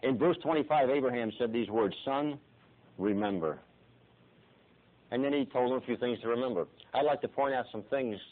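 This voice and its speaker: A middle-aged man preaching a sermon dramatically, swinging from soft, hushed passages to pleading cries and repeating his phrases. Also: medium pitch, fast talker, hardly any pauses. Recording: tinny phone-like lo-fi recording.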